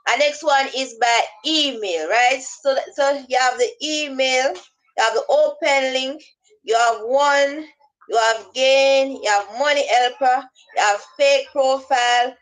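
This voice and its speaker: A woman's voice: on the high side, poor audio. A woman giving casual advice about spotting scammers, rambling and acting out both sides of phone calls. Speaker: vlogger giving scam-awareness advice. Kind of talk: casual instructional talk.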